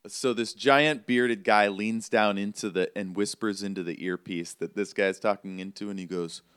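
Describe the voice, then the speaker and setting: Deep-voiced man narrating a tabletop game. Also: normal speed, clean tone, no echo, studio quality. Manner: relaxed, conversational storytelling with fillers. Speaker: game master. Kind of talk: narrating a tabletop role-play.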